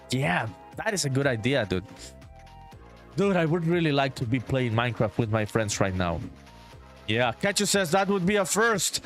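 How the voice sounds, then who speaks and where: A man from Honduras, a solo game developer chatting casually on a live stream, swearing freely and reading viewer comments aloud. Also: a little high. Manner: laid-back, profane, reads chat aloud and answers it. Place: home in a small town.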